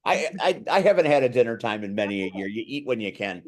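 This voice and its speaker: A man's voice: mid-range voice, sing-song, fast talker, a little mellow. Male host, playful and teasing, casual video-call talk. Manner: joking, teasing. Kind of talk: casual group chat.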